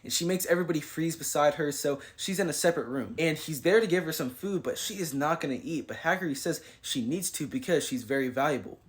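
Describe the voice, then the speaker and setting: A man with a fairly high voice recaps and reviews a manga chapter in a casual, slangy style, paraphrasing what the characters say as he goes.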